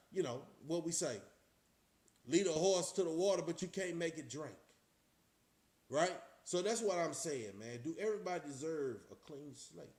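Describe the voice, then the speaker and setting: A man's voice: fairly high pitch, darkish tone. A middle-aged man with a Texas accent talks casually to camera as a vlogger, preaching in a streetwise way and firing off rhetorical questions. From Austin, Texas. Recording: roomy echo.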